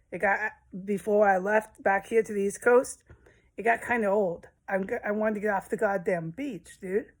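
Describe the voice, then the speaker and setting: A woman talking straight to her viewers in a rambling personal monologue, emotional and swearing often. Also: medium pitch. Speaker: vlogger.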